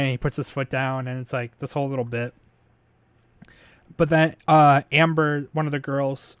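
A man with a slightly higher voice retells a film's plot in a loose, rambling way, full of "like" and "um", now and then swearing and chuckling. The sound is dry and close, with no room around it. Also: dry recording. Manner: rambling, filler-heavy retelling with frequent laughs; swears casually. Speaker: podcast host recapping a movie. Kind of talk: casual chat.

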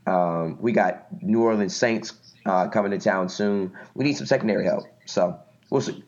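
A man's voice: fairly low pitch, moderate pace, a little mellow, slight background noise. A man co-hosting a sports podcast, speaking hesitantly with many fillers. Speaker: podcast co-host. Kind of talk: casual sports chat. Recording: dull lo-fi audio.

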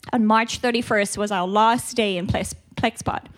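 A woman's voice: medium pitch, fairly even intonation, moderate pace, hardly any pauses. A South African woman giving a candid, chatty church retreat talk with a stuffy nose, laughing at herself now and then. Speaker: retreat speaker. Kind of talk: conversational church teaching.

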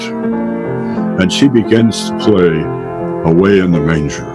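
A man's voice: sits low, slow, long pauses, over music. An older man telling a folksy childhood story to an audience, acting out the voices of the people in it.

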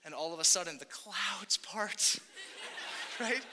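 A young man delivers a sermon in a relaxed, conversational style, throwing in asides to his listeners. His voice sits high and sounds very bright. A long hall reverb trails behind him. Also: slow pace. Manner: casual, conversational preaching with frequent asides. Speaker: pastor.

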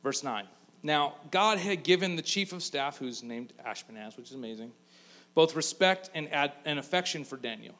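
A man's voice: fairly high pitch, expressive, normal speed, a bit bright. A man preaching a casual, joking sermon, acting out the people in his story. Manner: casual, joking storyteller who acts out voices. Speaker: pastor.

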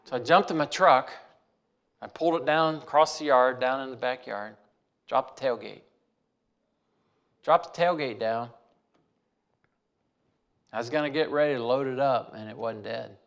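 A man's voice: mid-range voice, moderate pace, long pauses, a bit bright. A man telling a personal story in a folksy way, repeating phrases for emphasis.

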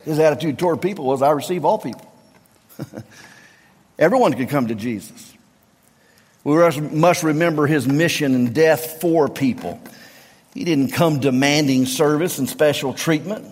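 A middle-aged man with a Southern US accent preaching a sermon, emphatic, repeating refrains and swinging from low tones to near-shouts. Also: unhurried, long pauses, husky. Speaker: pastor. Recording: long reverb of a large hall.

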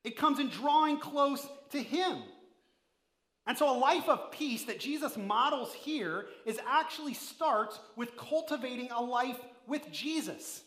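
High, bright-voiced man preaching. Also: animated, measured pace, reverberant. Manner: emphatic preaching that swings between loud and hushed; addresses the listeners directly with questions. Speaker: pastor. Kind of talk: sermon.

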